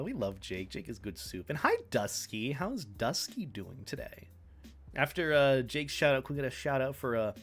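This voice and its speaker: A man chatting casually on a live stream, rambling playfully and talking to his chat, with his words tumbling over each other. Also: mid-range voice. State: hiccups.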